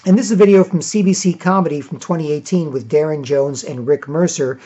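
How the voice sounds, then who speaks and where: A Canadian man rambling in a casual monologue to camera, often clearing his throat and repeating himself. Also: on the high side, brisk, mellow, highs cut off. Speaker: video blogger.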